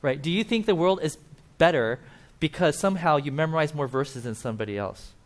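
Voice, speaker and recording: A man's voice: fairly high pitch, animated, a little fast. A man preaching a casual, conversational sermon at a church, explaining with asides and acting out quotes. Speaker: pastor.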